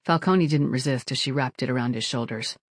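An audiobook narrator reading in a steady, even manner at a middling pitch. The sound is close and completely dry, with no room around the voice. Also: fairly quick, no room sound. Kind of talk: scripted narration.

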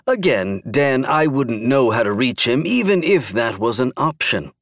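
A man voicing a forceful, flustered male official who booms out commands in an audiobook. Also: very animated, a little slow, no echo, clean studio sound, exaggerated voice. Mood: guarded. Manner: booming, commanding orders.

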